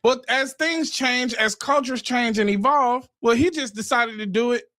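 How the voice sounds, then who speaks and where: A man in a played clip giving pointed commentary with an emphatic, measured delivery. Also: very high-pitched, sharp tone, no echo, studio quality.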